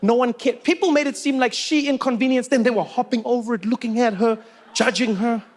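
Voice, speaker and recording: A man with a South African accent telling stand-up comedy stories with animated, repetitive comic timing. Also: extremely high pitch, brisk.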